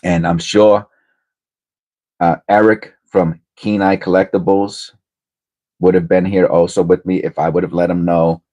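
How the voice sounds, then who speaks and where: Deep-voiced man telling a rambling story. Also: flat delivery, a little slow, dark tone. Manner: rambling, hesitant, conversational with many fillers. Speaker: livestream host. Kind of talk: casual storytelling livestream.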